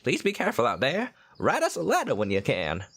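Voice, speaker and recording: A man voicing a doting middle-aged frontier mother in a high falsetto, gentle and motherly. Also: huge pitch swings, fairly quick, husky, exaggerated voice. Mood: caring.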